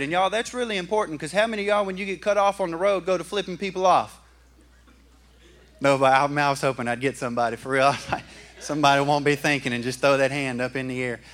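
A man preaching a sermon in a folksy, animated way and asking the congregation questions. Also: a little high. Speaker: pastor. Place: church.

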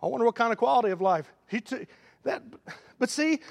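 A man preaching a sermon in a folksy manner, building to loud, emphatic runs. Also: very high-pitched, expressive, fairly quick, vocal fry. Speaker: pastor. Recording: long hall reverb.

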